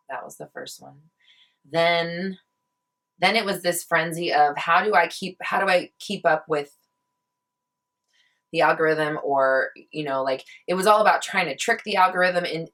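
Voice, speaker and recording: A woman's voice: fairly low pitch, a bit bright. A young woman venting in a casual vlog, heated and swearing often as she rants. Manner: heated, swears a lot, ranting. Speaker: vlogger.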